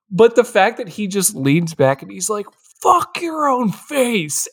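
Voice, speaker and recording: Giggly, high-pitched man gushing about a film. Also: breathy edge. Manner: giggly and gushing, laughs often. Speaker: podcast co-host. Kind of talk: casual movie recap chat.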